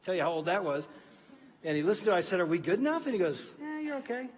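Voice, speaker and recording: A man preaching a sermon and telling a story, often dropping to a hushed voice for emphasis. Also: high voice, big pitch swings, racing, husky, long reverb tail. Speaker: pastor. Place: large church auditorium.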